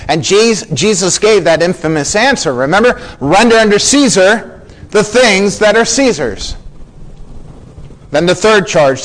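High-voiced preacher man, earnest. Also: low-quality recording. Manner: earnest teaching, acting out quoted lines. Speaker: pastor. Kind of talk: sermon.

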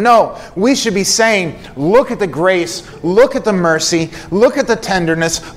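A man's voice: sits high, animated, a little slow, few pauses. A male pastor preaching an earnest sermon, building emphasis through repeated phrases and rhetorical questions.

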